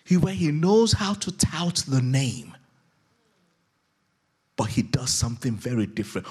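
Husky pastor telling Bible stories. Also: male voice, mid-range voice, measured pace, pauses often. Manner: jokey, animated Bible storytelling. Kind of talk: sermon.

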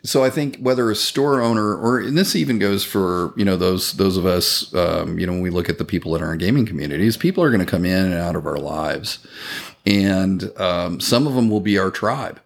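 A man's voice: low voice, brisk, gravelly. A man talking in a casual podcast conversation, earnest and reflective, swearing now and then.

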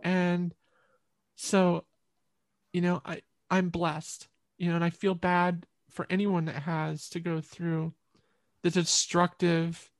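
Gravelly-voiced woman telling an earnest story. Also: lowish voice, little pitch movement, dry recording. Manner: earnest, halting, with many restarts and repeated words. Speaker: podcast guest. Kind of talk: emotional personal storytelling.

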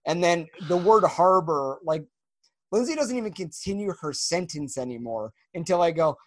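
Male podcast co-host, animated storyteller, lively pitch, dry close sound. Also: normal speed, no room sound. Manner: animated storyteller, laughs and quotes lines. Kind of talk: casual chat.

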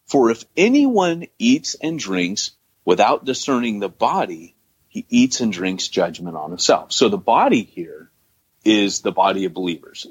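A male podcast co-host with a fairly low, husky voice reads scripture passages aloud. He then explains them emphatically in a conversational teaching style.

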